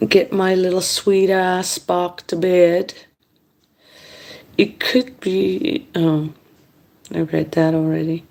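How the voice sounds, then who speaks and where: A woman talks slowly and unhurriedly in a lowish voice, rambling through a casual late-night monologue at home. She complains as she goes and grows lively whenever she quotes other people. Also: vocal fry. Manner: rambling, complaining, animated when quoting others. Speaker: mukbang vlogger. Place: indoors at home.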